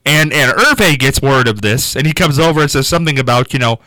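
A man hosting a radio show, telling an anecdote in a casual, animated way and laughing as he goes. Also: medium pitch, fast talker, dry recording, rough recording. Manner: animated, laughs through his stories. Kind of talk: casual storytelling chat.

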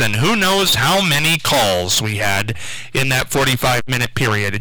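A man's voice: mid-range voice, lively intonation, unhurried, pushed and bright, dry recording, poor audio. A man hosting a local radio call-in show, chatty and upbeat as he reads out contest results. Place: radio studio.

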